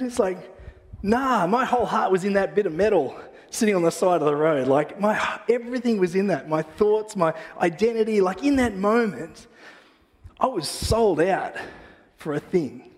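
A man preaching a sermon in a church, praying and then telling a personal story in a casual, animated way with self-deprecating humor. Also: high voice, normal speed, long reverb tail. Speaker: pastor. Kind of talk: sermon with prayer and personal anecdote.

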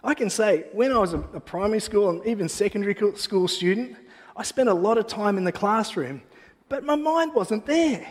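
A man preaching a sermon in a church, praying and then telling a personal story in a casual, animated way with self-deprecating humor. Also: high voice, fairly quick, big-room sound. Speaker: pastor. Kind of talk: sermon with prayer and personal anecdote.

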